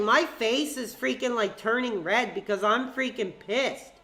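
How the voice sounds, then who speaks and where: Bright-voiced woman streamer ranting. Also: fairly high pitch, measured pace. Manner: heated, ranting, swears. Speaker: streamer hosting call-ins. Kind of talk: live-stream chat with fans.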